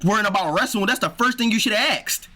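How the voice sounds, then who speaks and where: Streamer dude reacting, high bright voice, all over the place, swears a ton, keeps saying bro. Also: male voice, fast talker. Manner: exasperated, swears a lot, says "bro" often. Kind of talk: casual reaction commentary.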